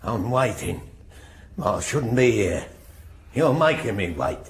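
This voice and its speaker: An actor playing a British older man freed after many years in prison, telling his story in a halting, bitter way with a husky voice in a radio drama. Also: medium pitch, sing-song, slight background noise. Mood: impatient. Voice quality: gravelly, husky.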